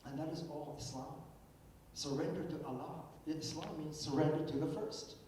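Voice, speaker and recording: A man's voice: moderate pace, mellow. An older man gives an emphatic philosophical keynote lecture, often repeating words as he restarts a thought. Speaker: keynote speaker. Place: lecture hall. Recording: echoey hall, distant mic, faint rumble.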